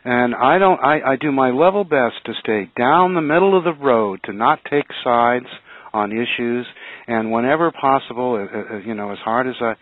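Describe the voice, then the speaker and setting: A man's voice: medium pitch, moderate pace, dry recording. A man co-hosting a radio talk show, speaking earnestly with frequent hesitations and restarts. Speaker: radio show co-host, museum curator. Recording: tinny phone-line radio audio.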